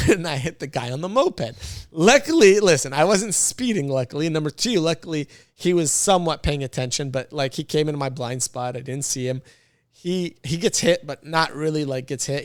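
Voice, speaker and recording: A man from the United States, a podcast guest, telling a story in a casual, animated, slangy way and laughing often. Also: medium pitch, no room sound, clean studio sound.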